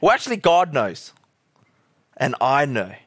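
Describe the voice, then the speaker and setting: A man voicing a blunt male prophet, speaking low, hushed and knowing as he confronts a king in a sermon retelling. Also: big pitch swings, measured pace.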